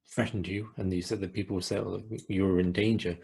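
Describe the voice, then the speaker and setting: A male interviewer asking a question in a soft-spoken, somewhat hesitant way. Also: deep voice, level tone, a little fast, gravelly, husky. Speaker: interviewer host.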